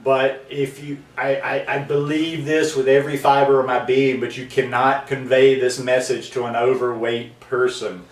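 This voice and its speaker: Guy rambling earnestly at the camera, lots of ums, mid pitch, echoey room a bit off mic. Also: flat delivery, moderate pace, hardly any pauses, far from the mic. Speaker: vlog host. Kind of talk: casual talking-to-camera monologue.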